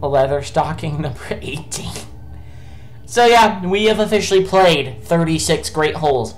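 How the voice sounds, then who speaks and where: A woman doing let's play commentary, ranting in exasperation with heavy swearing and sudden bursts of shouting. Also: deep voice, lively intonation, unhurried, low-quality recording. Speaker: gameplay commentator.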